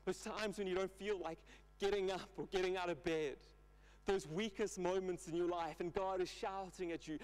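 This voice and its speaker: A man preaching a sermon in church, earnest, retelling scripture in lively paraphrase. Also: sits high, a little fast, low-quality recording.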